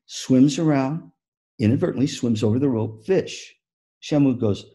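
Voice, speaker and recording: A man giving a motivational keynote talk on music teaching, an animated storyteller who acts out the story. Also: mid-range voice, normal speed, slightly rough. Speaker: music education speaker.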